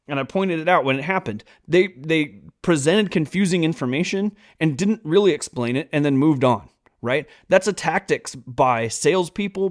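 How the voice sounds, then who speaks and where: Exasperated man ranting about finance. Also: fairly high pitch. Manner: heated, exasperated, emphatic. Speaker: finance channel host. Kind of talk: reaction commentary.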